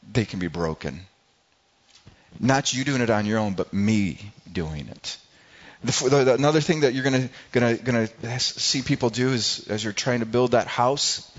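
A man preaching a sermon as pastor, talking conversationally, often repeating words and acting out what people say. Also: mid-range voice. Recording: slightly dull, lo-fi sound.

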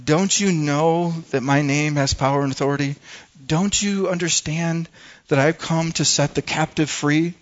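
A man's voice: a little high, steady tone, moderate pace, close to an everyday voice. A man voicing a frustrated teacher pleading with people who don't understand him, in a sermon. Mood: exasperated. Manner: exasperated, pleading questions. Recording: dull lo-fi sound.

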